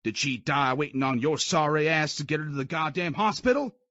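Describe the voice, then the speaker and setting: A man's voice: a little high, sing-song, normal speed, a bit bright, husky, dry recording, pitched above the performer's own voice, exaggerated voice. A man voicing a harsh army drill sergeant who barks profane insults and taunts. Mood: bellowing. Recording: dull dry lo-fi recording.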